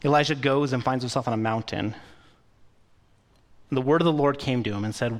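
A man's voice: medium pitch, brisk. A man preaching a sermon in a conversational, storytelling way, with occasional fillers. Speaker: pastor.

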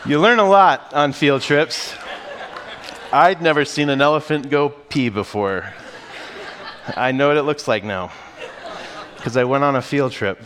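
A man, a pastor and father of three young boys, preaching a sermon in a casual, animated storytelling style. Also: mid-range voice.

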